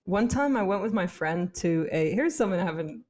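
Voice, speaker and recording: A woman's voice: lowish voice, expressive, a little fast, a little mellow. Laughing woman telling a story. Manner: laughs often, storytelling with restarts. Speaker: podcast co-host. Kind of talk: casual chat.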